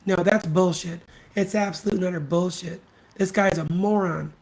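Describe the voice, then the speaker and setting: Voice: medium pitch, steady tone, normal speed, darkish tone. Blunt, profane podcast host ranting solo. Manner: emphatic repetition. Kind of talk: solo opinion rant.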